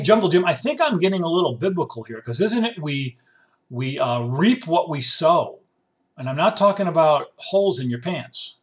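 A man's voice: fairly high pitch, far from the mic. Sarcastic rambling man ranting. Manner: sarcastic, mimics complainers in grumbling voices; rambling with restarts and repetition. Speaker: commentator. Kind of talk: casual ranting monologue.

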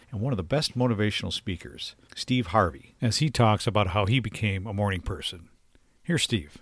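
A man hosting a self-help show, talking in a plain, measured way with a few asides. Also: on the low side, dry recording. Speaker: podcast host. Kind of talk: scripted self-help talk.

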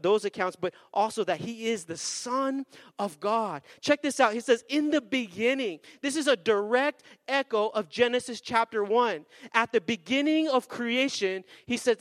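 A man preaching a sermon as pastor, energetic with call-and-response and slowing down for emphasis. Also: very high voice, no room sound. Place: church sanctuary.

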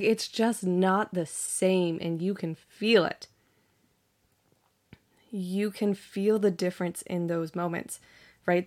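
A woman's voice: fairly low pitch, darkish tone. A woman hosting a podcast, talking earnestly and animatedly in a motivational monologue, with frequent "like" and "right?". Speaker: podcast host.

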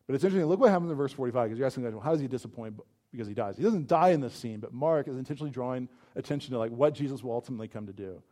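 A man's voice: mid-range voice, rapid-fire. A man preaching a sermon as pastor, in a conversational way, often saying "like" and stressing points with energy. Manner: conversational, peppered with "like", animated emphasis.

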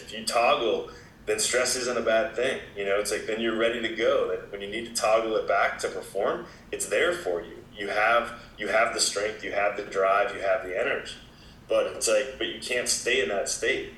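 A man talking as a wellness expert guest in a casual interview, with a relaxed, explaining manner full of "you know" fillers. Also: on the low side, normal speed, a little hiss or hum. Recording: echoey room.

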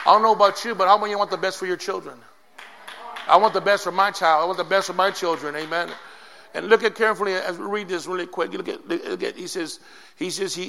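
A man preaching a sermon to his church, calling out to the congregation and building up to shouts. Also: high-pitched, gravelly. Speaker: pastor.

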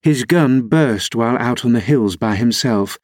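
A man narrating a classic novel as an audiobook reader, in a measured, even storytelling delivery. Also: medium pitch, dry recording, clean studio sound.

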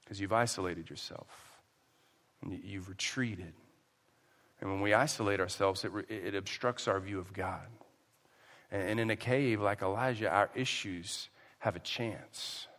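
A male pastor preaching a sermon with emphasis, swinging between loud and hushed delivery. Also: fairly low pitch, normal speed, in a large hall.

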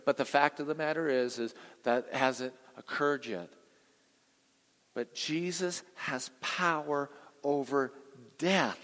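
A pastor preaching a sermon, swinging from hushed passages to booming climaxes and quizzing the congregation. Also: male voice, in a large hall. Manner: asks the congregation questions.

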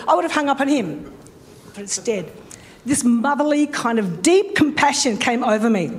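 A woman's voice: sits high, expressive, normal speed. A middle-aged woman pastor, telling a story in a sermon and acting out phone calls.

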